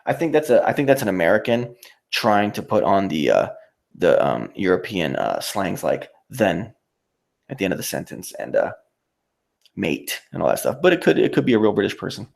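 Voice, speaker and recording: A man's voice: low voice, wildly swooping pitch, normal speed, vocal fry. A man hosting his own livestream, ranting in a profane, mocking, rambling way. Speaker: YouTube livestreamer. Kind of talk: casual livestream rant.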